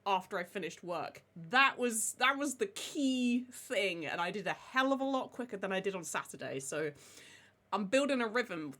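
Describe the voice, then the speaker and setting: Bright, high-voiced chatty woman. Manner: chatty, greets viewers by name. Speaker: streamer. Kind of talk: casual live-stream chat.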